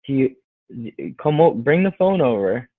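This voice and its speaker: A man's voice: mid-range voice, sing-song, unhurried, dry recording. A man co-hosting a casual podcast, talking in a playful, pushy way. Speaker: podcast co-host. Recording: dry tinny phone-like audio.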